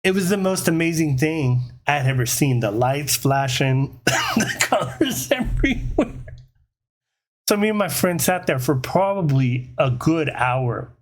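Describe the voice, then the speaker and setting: Young dude telling a wild story, kinda high voice, lively and swears a lot. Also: male voice, measured pace. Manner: animated, acts out quotes, swears casually. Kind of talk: casual storytime.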